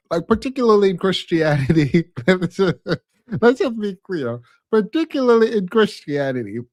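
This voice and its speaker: A man's voice: a little high, darkish tone, no room sound, clean studio sound. A man hosting a stream, reacting to a clip with blunt, sassy commentary. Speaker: host.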